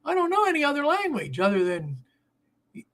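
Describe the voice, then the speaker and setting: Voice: sits high, wildly swooping pitch, a little fast, a bit bright. An older host of a live model train show, chatting casually and reacting to viewer comments with frequent laughs. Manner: easygoing, laughs often while talking.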